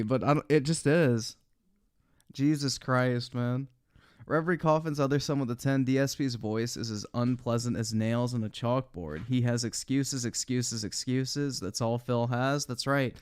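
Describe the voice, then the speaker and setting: A man's voice: medium pitch, steady tone, measured pace, smooth, no room sound, studio quality. A man giving casual, profane commentary on a live stream as he reacts to clips, laughing often. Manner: laughs often, swears freely.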